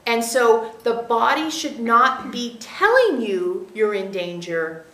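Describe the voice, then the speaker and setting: Woman channeler, high voice, measured teaching tone, roomy echoey recording. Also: very animated, bright, forceful tone. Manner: measured, explanatory, speaks as "we", checks in with listeners. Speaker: channeler giving a spiritual teaching. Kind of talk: channeled spiritual teaching to a group. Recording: roomy echo.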